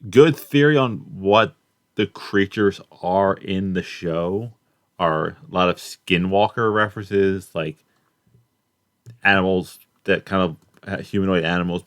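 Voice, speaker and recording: Deep-voiced man rambling about cartoons. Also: dry recording, clean studio sound. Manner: rambling, halting, many fillers and restarts. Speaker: cartoon reviewer. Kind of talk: casual spoken review.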